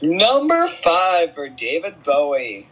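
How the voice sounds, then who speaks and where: A man's voice: a little high, wildly swooping pitch, slow, heavy background noise. A man co-hosting a podcast, chatting casually about music in a wry, teasing way and laughing a lot. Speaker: podcast co-host.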